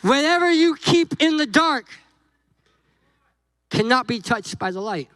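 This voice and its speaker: A man's voice: very high voice, a little slow, no room sound, a faint crowd, poor audio. A man preaching a sermon as a guest pastor, joking and acting out conversations with God and Moses. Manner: animated, jokey, acts out dialogue with God and Moses.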